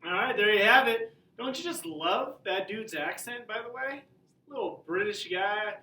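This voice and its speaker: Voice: mid-range voice, animated, moderate pace, bright, forceful tone, recorded from a distance. Chatty teacher in an echoey room. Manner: chatty, joking, informal. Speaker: high school teacher. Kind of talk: casual class video. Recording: roomy audio from away from the mic.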